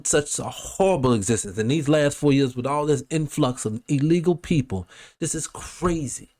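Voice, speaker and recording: A man hosting a show, giving casual reaction commentary in an animated, rambling and profane way. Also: medium pitch. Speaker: host.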